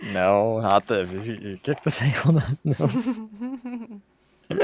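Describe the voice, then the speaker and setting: Chill guy running a tabletop game, swears offhand, pitch bounces around. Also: slow, a little hiss or hum. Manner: relaxed, casual, swears offhand. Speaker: game master.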